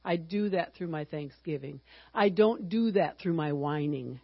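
A woman's voice: low-pitched, a little slow, vocal fry, breathy edge, dry recording, dull audio. Chatty woman in her sixties teaching a Bible lesson. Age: 60s. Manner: chatty and humorous, bursting into excited exclamations.

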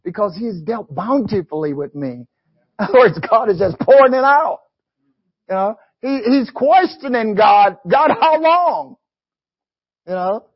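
A man's voice: high voice, lively intonation, moderate pace, husky. A man preaching a sermon, quoting scripture and dropping in frequent "amen" and "you know" asides. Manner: reads scripture aloud in a preaching cadence. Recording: dull lo-fi recording.

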